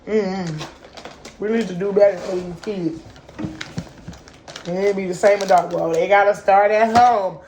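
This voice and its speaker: A woman's voice: mid-range voice, fairly even intonation, measured pace, long pauses, darkish tone, a little hiss or hum, rough recording. A mother speaking straight to her viewers in an unscripted vlog monologue. She is impassioned and ranting, piles up rhetorical questions, and uses casual slang, calling her audience "y'all". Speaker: mother and kids' advocate.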